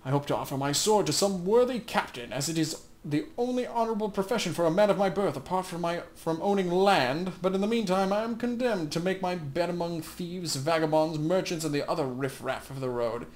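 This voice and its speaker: A man's voice: sits high, fairly quick, hardly any pauses, a little mellow, natural voice. A man doing a pompous, haughty young nobleman.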